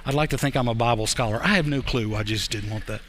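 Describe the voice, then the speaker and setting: A man preaching a sermon, telling a story in a conversational way that swings between quick bursts and slow, drawn-out emphasis. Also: mid-range voice, fairly bright tone, a little hiss or hum. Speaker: pastor.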